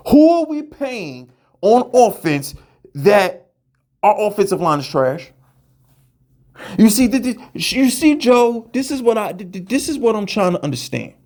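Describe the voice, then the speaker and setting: A man in a heated, profane rant, firing off questions and tripping over repeated words. His voice sits high and swings wildly up and down as he vents. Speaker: podcast host. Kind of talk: ranting fan commentary.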